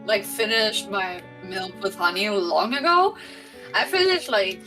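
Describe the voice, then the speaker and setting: Giggly, chatty woman with a lively voice. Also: mid-range voice, a little slow, faint music behind. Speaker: voice actor. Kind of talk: casual chat on a livestream.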